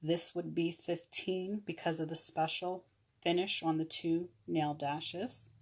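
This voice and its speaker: A woman with a low voice chats her way through a live nail product demo. She talks at an unhurried pace, full of fillers and little self-corrections. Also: little pitch movement. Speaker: online nail seller. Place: live stream.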